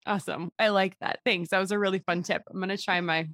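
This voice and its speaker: A woman's voice: mid-range voice, fairly even intonation, fast, fairly bright tone, no room sound. Chatty woman hosting a podcast. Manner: chatty, laughs easily, lots of "like". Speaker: podcast host. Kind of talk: casual chat.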